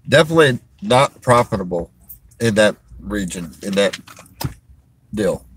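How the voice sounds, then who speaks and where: A man talking to viewers on a livestream, halting and strained, restarting his sentences and sighing, from a parked vehicle in a store parking lot. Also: lowish voice, lively intonation, fairly bright tone, a little hiss or hum. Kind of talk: emotional livestream talk to viewers.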